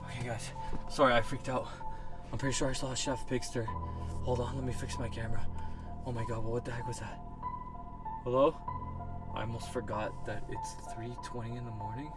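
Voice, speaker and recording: A man's voice: mid-range voice, flat delivery, normal speed, long pauses, over music. A man filming a staged spooky vlog from inside his car at night, talking in jumpy, frightened bursts with sudden exclamations. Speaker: YouTuber.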